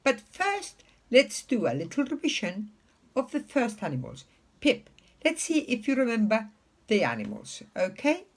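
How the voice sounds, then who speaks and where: A woman teaching English to young children in a slow, sing-song way, talking to a puppet pupil. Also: a little high, huge pitch swings.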